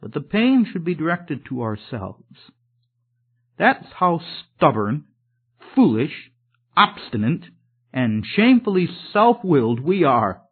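A man's voice: fairly high pitch, very animated, slow, slightly rough. A man preaching a sermon in an earnest, emphatic way, his voice swelling and dropping. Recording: tinny phone-like sermon recording.

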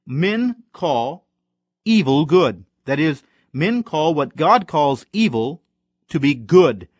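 Slow, deliberate male preacher. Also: a little high, big pitch swings, dry recording. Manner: measured, deliberate and emphatic, stressing single words. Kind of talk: sermon.

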